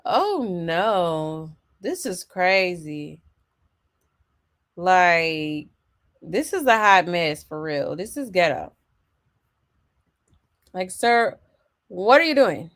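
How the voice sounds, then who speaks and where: Brief: woman gossip host, drawling and unhurried, sassy asides, exasperated tone. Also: lowish voice, big pitch swings, fairly bright tone. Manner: reads out viewer comments with laughs. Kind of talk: casual gossip commentary.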